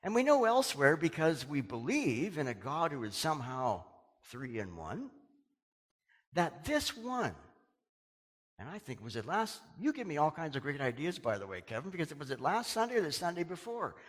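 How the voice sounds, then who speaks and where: Male pastor, animated sermon delivery with big pitch swings, recorded in a reverberant hall. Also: moderate pace. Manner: dramatic preaching, dropping to a hush on quoted words.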